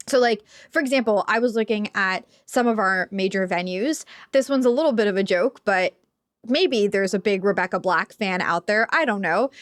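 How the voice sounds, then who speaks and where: An upbeat woman chats casually on a podcast, full of fillers as she shares recommendations. Her voice sits a bit high. She talks in a studio. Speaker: podcast guest. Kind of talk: casual chat.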